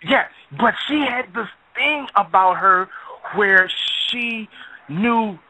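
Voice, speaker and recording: A man's voice: high-pitched, slow, pushed and bright, a little hiss or hum, poor audio. A man hosting a call-in radio talk show, speaking earnestly and often stumbling and repeating words. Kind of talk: casual chat.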